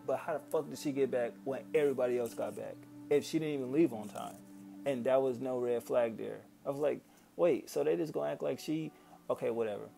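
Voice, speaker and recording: A man's voice: medium pitch, brisk, vocal fry, faint music behind. A man giving a casual, profane movie rant on his vlog, exasperated, often acting out his own past reactions. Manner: profane, exasperated, animated quoting of himself. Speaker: vlogger.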